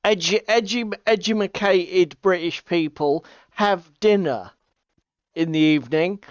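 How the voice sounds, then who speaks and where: A woman's voice: fairly low pitch, measured pace, dull audio. A woman co-hosting a casual hobby livestream, chatty and playful. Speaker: co-host.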